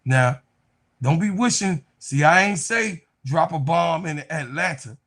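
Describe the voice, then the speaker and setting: A man hosting a casual sports live stream, reading chat aloud, excitable and profane, often breaking into laughter. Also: fairly high pitch, measured pace, gravelly.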